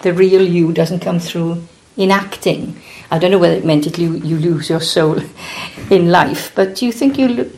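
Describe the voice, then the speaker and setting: A woman's voice: fairly low pitch, moderate pace, few pauses, darkish tone, a little hiss or hum. A woman interviewing a small group, asking probing questions and often restarting them mid-sentence.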